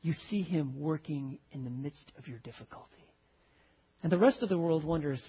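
Husky high-voiced man preaching with swings. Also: normal speed, highs cut off. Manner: animated storytelling, swings from loud to hushed. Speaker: pastor. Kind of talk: sermon.

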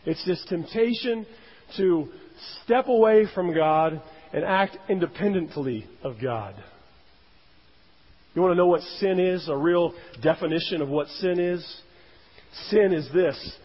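A man delivering a sermon with a slightly high, breathy voice. He leans hard on key words, then lets his voice sink. The sound is dull and lo-fi, with a long reverb trailing off the hall walls. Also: unhurried. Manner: emphatic, rising and falling for emphasis. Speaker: pastor.

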